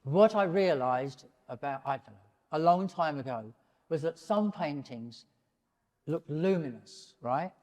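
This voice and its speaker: An older man in his seventies holds forth to a gallery audience, animated and wandering, cutting himself off and restarting. His voice sits a touch high for a man. A long hall reverb trails behind every phrase. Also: measured pace. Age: 70s. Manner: animated, digressive, breaks off mid-sentence. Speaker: painter and prize winner, interviewee. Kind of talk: public in-conversation talk.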